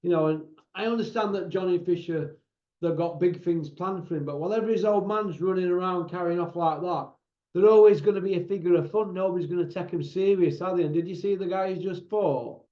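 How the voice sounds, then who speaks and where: A man's voice: high-pitched, fairly quick. A man giving a casual, rambling monologue as a boxing pundit, opinionated and full of tag questions. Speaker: boxing pundit and channel host. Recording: roomy, dull lo-fi sound.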